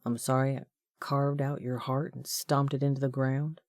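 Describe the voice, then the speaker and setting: A woman's voice: extremely low pitch, flat delivery, normal speed, a little mellow, no room sound, clean studio sound. A woman voicing a guarded, restrained Southern ex-soldier man.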